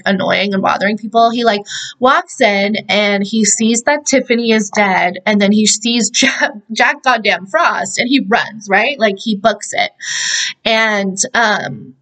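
A woman's voice: mid-range voice, measured pace, a bit bright, poor audio. A young woman hosting a podcast, recapping a film in a chatty way, full of fillers and laughing asides. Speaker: podcast host. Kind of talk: casual movie recap.

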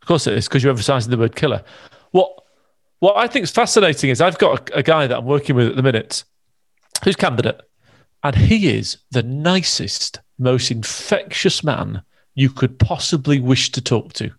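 A man co-hosting a casual business podcast, agreeable and quick to chime in. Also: mid-range voice, expressive, no room sound. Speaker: podcast co-host.

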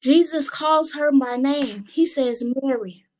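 A high-pitched woman speaks slowly, with a little hiss or hum in the audio. As a Bible study co-host, she reads verses and offers earnest, conversational reflections, repeating words often while she organizes her thoughts.

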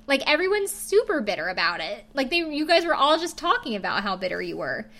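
Chatty young woman with a bright voice. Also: fairly high pitch, big pitch swings, fairly quick, few pauses. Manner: chatty, filler-heavy, gossipy, frequent laughs. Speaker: podcast host recapping a TV show. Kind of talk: casual recap chat.

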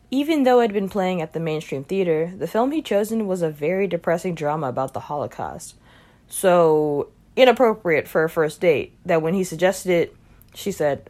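A woman reading a short story aloud in a calm, even manner. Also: fairly low pitch, a little fast. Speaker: reader.

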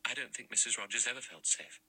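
A man's voice: medium pitch, steady tone, fast, bright, forceful tone, breathy edge, voice pushed up, poor audio. A man voicing an earnest young woman.

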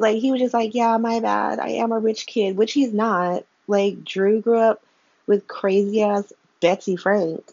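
A woman's voice: fairly low pitch, a little mellow, no room sound, lo-fi sound. Exasperated woman recapping a soap, candid and profane. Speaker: soap opera recap vlogger. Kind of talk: casual recap chat. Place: home room by a window.

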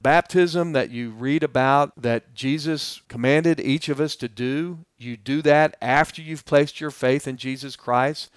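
Male pastor, Bible teacher type: smooth, clear voice, direct and earnest, dry close sound. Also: medium pitch, measured pace, few pauses, no room sound. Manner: earnest, addresses listeners directly; plainspoken and explanatory.

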